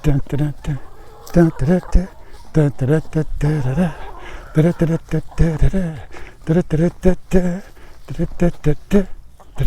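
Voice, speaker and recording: An older man on a farm, casually narrating his chores and coaxing his animals in a gentle, folksy way. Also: on the high side, a little hiss or hum. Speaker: farm vlogger. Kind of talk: casual vlog narration while doing chores. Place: outdoor farm, hen house and animal pens.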